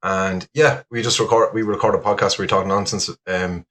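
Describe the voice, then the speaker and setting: Young Irish man, low-ish voice, rambling casual podcast guest. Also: steady tone, a little fast, a bit bright. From Ireland. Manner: rambling, laughs often, many fillers. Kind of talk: casual chat.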